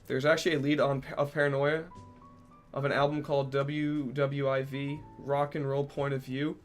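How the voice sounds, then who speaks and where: A young man streaming casually, reading out and answering chat messages, joking and swearing with sudden loud outbursts. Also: mid-range voice, flat delivery, moderate pace, faint music behind.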